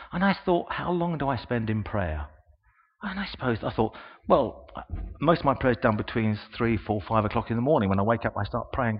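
A man's voice: medium pitch, slightly rough. Older man preaching in an echoing hall. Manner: animated storytelling, acting out quoted voices. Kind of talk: sermon. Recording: dull sound in a long-reverb hall.

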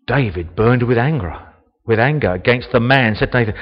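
A man giving a sermon, reading a Bible passage slowly and reflecting on it, growing louder on the quoted lines. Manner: slow, reflective, rises in pitch and volume on quoted speech. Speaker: preacher. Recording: dull, long reverb of a church hall.

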